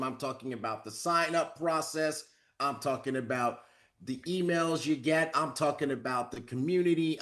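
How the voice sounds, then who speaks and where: Male motivational trainer, energetic coaching delivery, slightly high pitch. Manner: energetic, coaching, acts out phone calls. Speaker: network marketing trainer. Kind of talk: motivational talk.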